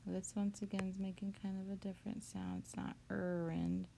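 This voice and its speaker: A woman teacher walking through a spelling lesson, patient and steady as she breaks words into syllables. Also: medium pitch, fairly quick, vocal fry, a little hiss or hum.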